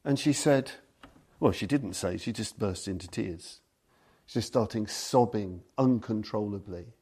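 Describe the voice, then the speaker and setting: A man's voice: lowish voice, measured pace, a little mellow, breathy edge. A man giving a Buddhist dharma talk, telling stories and reading passages aloud. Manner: storytelling, reads passages aloud. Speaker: Buddhist teacher.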